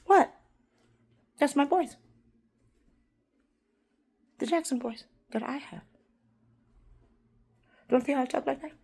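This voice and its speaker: A woman vlogging a rambling, confrontational monologue, swinging between loud outbursts and hushed whispers. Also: high-pitched, takes it slowly, long pauses. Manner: confrontational, addresses unseen listeners.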